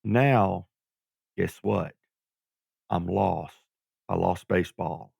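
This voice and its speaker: Gravelly man telling stories. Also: sits low, drawn-out words, dry recording, clean studio sound. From Georgia, USA. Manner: animated storyteller who acts out quoted voices. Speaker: guest, former pro wrestler. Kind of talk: storytelling interview.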